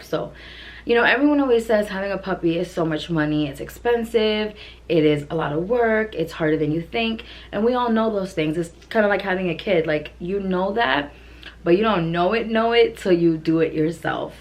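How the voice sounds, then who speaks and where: A woman's voice: medium pitch, normal speed. A woman vlogger chatting casually and gushingly, her speech full of "like" and "literally". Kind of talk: casual vlog chat.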